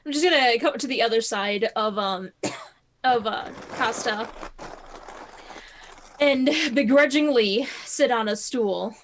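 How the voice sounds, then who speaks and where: A woman with a high, bright-sounding voice chats as a player in a tabletop game. She laughs often and talks in fits and restarts as her ideas come. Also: slow pace, pauses often, a little hiss or hum. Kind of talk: casual tabletop play chat.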